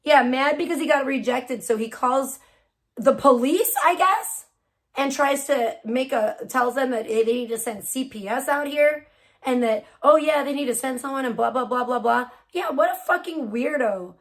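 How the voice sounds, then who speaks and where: A woman's voice: high-pitched, normal speed. A woman livestreaming, ranting casually with lots of swearing and laughter, mocking someone.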